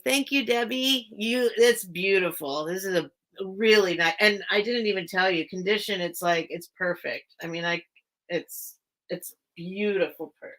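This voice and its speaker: A woman's voice: mid-range voice, normal speed, sharp tone. A woman hosting a casual live-stream sale, chatting and reading out bids, often breaking off her own sentences. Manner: chatty, self-interrupting, reads out bids. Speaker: online live-sale seller.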